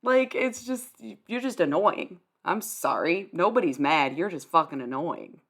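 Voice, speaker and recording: A young woman talks back to her live stream chat, blunt and dismissive. Her voice sits a little low for a woman, and she swears freely with a sarcastic edge. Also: animated, unhurried. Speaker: livestreamer.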